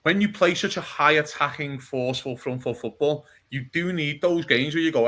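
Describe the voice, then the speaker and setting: Bright-voiced man, blunt and animated. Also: a little high, moderate pace. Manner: animated and blunt, swears, keeps asking "do you know what I mean". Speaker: podcast co-host. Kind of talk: casual football chat.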